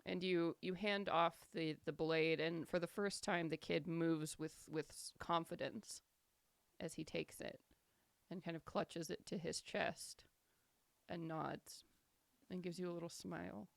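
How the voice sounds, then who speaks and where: A woman runs a tabletop role-playing game, narrating scenes in a relaxed, descriptive way and pausing on fillers. Her voice sits fairly low with a gravelly edge. The recording is close and dry. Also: dry recording. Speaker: game master.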